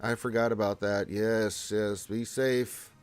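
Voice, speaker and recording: A man's voice: fairly low pitch, level tone, takes it slowly, clear, resonant tone, no echo. Laid-back man reading out stream chat. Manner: laid-back, reads chat aloud in a lifted voice. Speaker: livestream host reading chat. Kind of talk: casual livestream chat.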